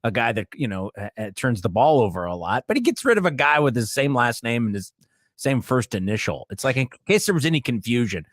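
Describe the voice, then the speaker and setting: A man's voice: mid-range voice, sing-song, fairly quick, no room sound, studio quality. A man co-hosting a sports radio show, making wry jokes and laughing often. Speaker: radio co-host. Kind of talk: casual sports talk banter.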